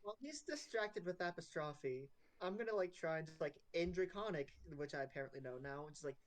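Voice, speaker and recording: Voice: medium pitch, lively intonation, brisk. A player chatting casually in a tabletop game, laughing along.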